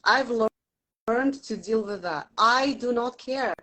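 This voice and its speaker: A woman's voice: a little high, a little slow, rough recording. A woman speaking as a Reiki teacher and guest in casual, earnest conversation from her home studio. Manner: warm, earnest, softly emphatic. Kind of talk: casual interview chat.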